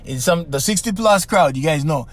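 Animated older Hawaiian storyteller man. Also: a little high, moderate pace. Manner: animated, slangy, repeats himself. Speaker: podcast host. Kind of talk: casual storytelling.

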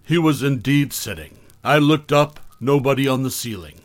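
A man narrating a first-person horror story for a podcast in a calm, even storytelling manner. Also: medium pitch, normal speed, dry recording.

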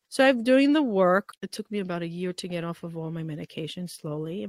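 A woman in her thirties, a podcast guest, telling a personal story in conversation, animated and emotional, acting out what others said to her. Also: on the low side, dry recording. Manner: emotional, animated retelling with quoted dialogue.

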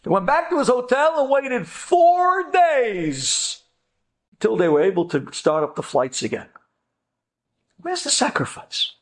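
High, lively storytelling man. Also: measured pace. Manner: animated, acts out every voice. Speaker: speaker telling an inspirational story. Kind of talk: storytelling talk.

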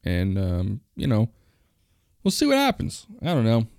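A man's voice: lowish voice, wildly swooping pitch, a little slow, darkish tone, no room sound, studio quality. A young man hosting a solo podcast, ranting bluntly and with plenty of swearing. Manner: blunt, profane, complaining. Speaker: podcast host.

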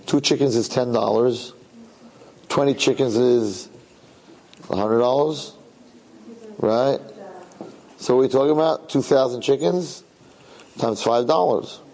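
A man gives a sermon as a story told in a loose, conversational style. His voice is husky and sits at a middle pitch. He repeats phrases and checks in with his listeners. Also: slow, pauses often, darkish tone, low-quality recording. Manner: conversational, repeats himself, asks listeners questions.

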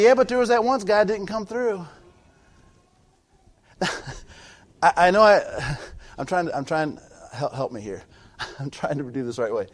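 A man pastor preaching a sermon, swinging from quiet asides to shouted peaks, often restarting his sentences. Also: sits high.

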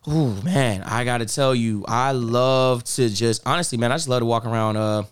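A young man from Ohio chats casually as a podcast guest, loose and slangy, his pitch jumping high whenever he acts out what others said. The recording is dry and close, with little room sound. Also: normal speed, clean tone, no echo. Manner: animated storyteller, slangy, voice jumps high when acting out people. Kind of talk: casual chat.

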